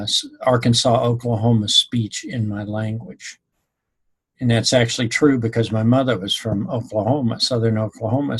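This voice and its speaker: Talking to his students in a loose, rambling style filled with ums, this Missouri man delivers an informal recorded class talk. He has a husky, mid-range voice.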